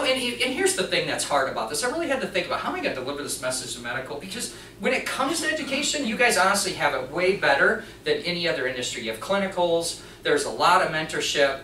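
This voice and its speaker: A man gives a training talk to a room, telling his story with lively swings in pitch and acting out each speaker. His voice is bright and forward. He is picked up from some distance, with roomy echo and a faint hiss behind him. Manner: animated storytelling, acting out dialogue in quotes. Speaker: workplace trainer and mechanic. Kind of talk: live presentation to an audience. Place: meeting room at a hospital.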